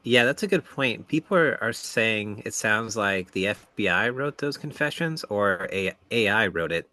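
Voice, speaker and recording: A man co-hosting a casual podcast, walking through his reasoning at length with frequent pauses. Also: on the low side, lively intonation, sharp tone. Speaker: podcast co-host.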